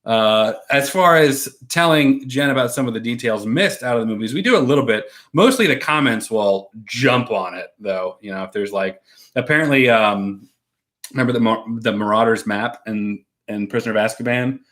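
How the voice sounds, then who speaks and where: A man's voice: medium pitch, normal speed, fairly bright tone. A man co-hosting a casual live stream at home, reading out viewer comments and rambling through his answers with frequent fillers and laughs.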